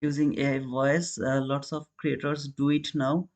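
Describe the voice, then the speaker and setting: A man with an Indian accent hosts a live trading stream as a day trader, chatting casually with viewers, calling them brother and answering chat. His voice sits in the mid range, and his delivery is flat and unhurried.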